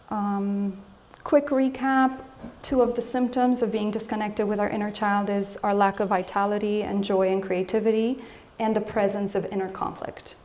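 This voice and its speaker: A woman's voice: medium pitch, darkish tone, slight background noise. A woman in a mid-range voice gives a live lecture as an emotional health coach. She keeps it conversational and turns to the room with questions. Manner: conversational, poses questions to the audience; acts out scolding voices in quotes.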